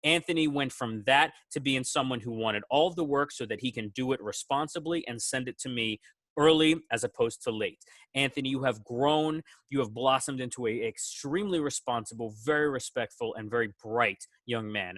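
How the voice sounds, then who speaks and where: A man, a teacher, giving a casual award speech to his students on a video call, praising each one with animated quoted asides. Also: mid-range voice, moderate pace, no room sound.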